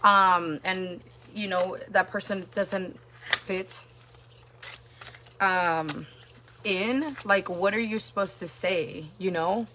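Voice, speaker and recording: A woman's voice: medium pitch, slow, noisy background. A woman hosting a livestream, telling a personal story in a casual, rambling way full of filler words.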